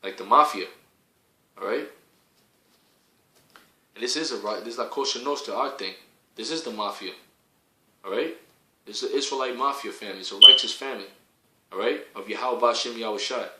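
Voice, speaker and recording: A man delivers a fiery, profane sermon, repeating his points over and over and building to shouts in a bright, strained voice. His medium-pitched delivery is fairly quick with frequent pauses, echoing through the room over slight background noise.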